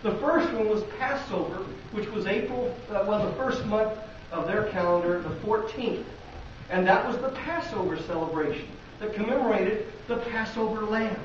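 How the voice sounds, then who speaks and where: A man's voice: high voice, normal speed, slight background noise. Midwest pastor guy preaching, chatty, throws questions at the pews, dull muffled tape. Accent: Midwestern American. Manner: conversational preaching with rhetorical questions to the congregation. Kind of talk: sermon. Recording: very echoey, distant, dull lo-fi.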